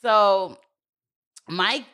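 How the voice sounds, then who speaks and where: Animated, bright-voiced woman recapping gossip. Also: medium pitch, drawn-out words. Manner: animated storytelling, acts out quotes, laughs often. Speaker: co-host recapping a TV show. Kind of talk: casual chat.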